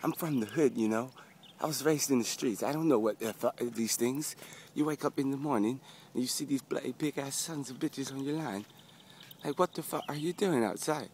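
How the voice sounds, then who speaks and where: A man's voice: mid-range voice, normal speed, slight background noise. Man faking an Australian wildlife-host accent. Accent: put-on Australian. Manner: hushed, nervous and profane. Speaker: vlogger. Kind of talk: mock wildlife-host parody. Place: outdoors near a house. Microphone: handheld camera.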